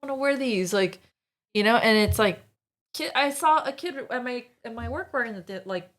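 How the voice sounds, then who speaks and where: A woman's voice: a little high, expressive, normal speed, fairly bright tone. A woman co-hosting a podcast, chatting about her childhood and slipping in Spanish phrases. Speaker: podcast co-host. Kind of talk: casual chat.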